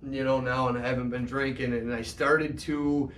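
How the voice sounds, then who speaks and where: Man, personal confessional monologue, halting delivery, echoey room, distant mic. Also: medium pitch, level tone, fairly bright tone, slight background noise. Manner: halting, emotional, many restarts and fillers. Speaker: vlogger telling his own story.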